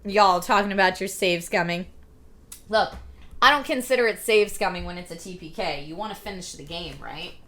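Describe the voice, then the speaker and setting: A woman in her forties with a slightly husky, scratchy voice and a lingering cough, hosting a casual live stream and reading viewer chat aloud. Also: fairly low pitch, normal speed, fairly bright tone. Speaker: streamer host.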